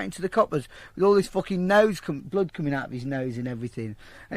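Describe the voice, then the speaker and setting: A man telling a crude, profane anecdote in a blunt, animated way to an interviewer. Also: sits high, fast talker, dry recording. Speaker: storyteller. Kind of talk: casual anecdote told to an interviewer.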